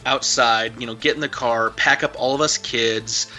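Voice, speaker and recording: Bright-voiced man telling a rambling story. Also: mid-range voice, fairly even intonation, moderate pace, soft background music. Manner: rambling, many fillers. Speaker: interview guest. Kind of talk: casual storytelling.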